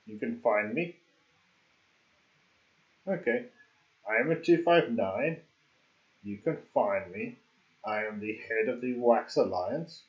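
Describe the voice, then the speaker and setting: A man's voice: on the low side, slow, pauses often, dull audio. Rambling, joking male game streamer. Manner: rambling, joking, laughs at himself. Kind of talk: casual livestream chat.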